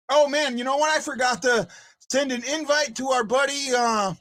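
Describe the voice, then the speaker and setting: A man hosting a live fan show, excitable and given to shouting and chanting. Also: very high voice, normal speed. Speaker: host of a fan livestream show.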